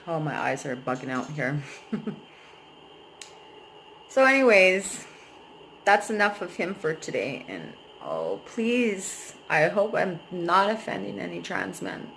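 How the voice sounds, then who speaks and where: Speaking slowly with vocal fry and frequent pauses, a young woman pours out her feelings about a painful breakup in a personal vlog, swearing freely and rambling emotionally at length. Her lowish, sing-song voice is a bit bright, and the rough recording carries slight background noise.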